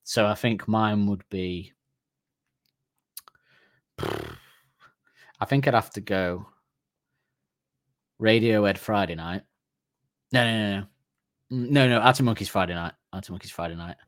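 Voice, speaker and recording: A man's voice: lowish voice, big pitch swings, measured pace, long pauses, a bit bright, dry recording, clean studio sound. A man co-hosting a podcast in casual chat, rambling and correcting himself, laughing at his own jokes. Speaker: podcast co-host.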